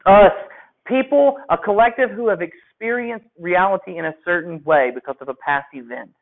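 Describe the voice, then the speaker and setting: A man's voice: sits high, moderate pace. A male teacher giving a classroom lecture, talking conversationally and asking his students questions. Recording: phone-like lo-fi audio.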